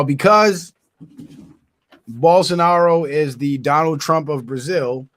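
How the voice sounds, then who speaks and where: A man with a slightly raised voice reads a news story aloud for his own channel. He stumbles and restarts words as he goes. He breaks in often with short, indignant comments of his own. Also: on the high side. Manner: stumbles and restarts words while reading, adds indignant asides. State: yawning, tired. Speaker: channel host.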